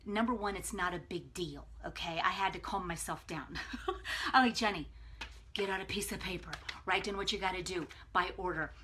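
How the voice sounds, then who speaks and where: A woman's voice: lowish voice, moderate pace, a little hiss or hum. A woman hosting a live video, giving a casual, emphatic pep talk and checking in with viewers. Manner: energetic and emphatic, chatty, with frequent "okay?".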